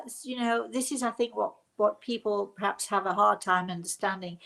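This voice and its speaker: A woman hosts a live spirit-medium stream and answers her viewers in a warm, chatty way, with many fond terms of endearment. Her voice sits at an ordinary middle pitch. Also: gravelly. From England. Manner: affectionate, calls viewers darling.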